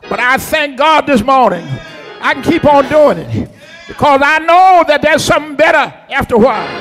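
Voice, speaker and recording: A pastor preaching an impassioned Easter sermon, rising into shouts with a preacher's cadence. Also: male voice, very high voice, big-room sound.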